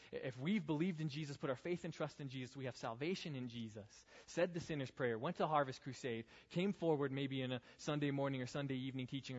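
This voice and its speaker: A young man giving a youth group sermon as pastor, earnest, building to pleading rhetorical questions. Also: medium pitch. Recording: dull, reverberant hall sound.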